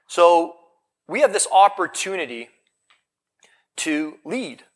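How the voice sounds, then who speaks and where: Bright-voiced energetic male speaker. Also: fairly high pitch, moderate pace. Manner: energetic, rhetorical questions to the audience. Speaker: motivational speaker. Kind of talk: live seminar talk. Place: event hall in front of a live audience.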